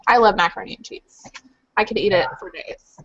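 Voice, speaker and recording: A woman's voice: mid-range voice, a little fast, background noise. Woman, group call guest, chatty and rambling, muffled webcam sound. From Louisville, Kentucky. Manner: chatty, rambling with many fillers. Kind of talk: casual chat.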